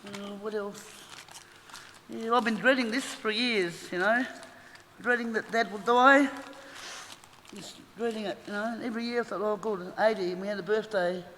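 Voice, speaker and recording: In an echoey funeral hall with a little background noise, a middle-aged Australian woman laughs her way through a chatty, wandering eulogy full of stories. Her voice is medium-pitched and fairly bright, and she speaks at a moderate pace.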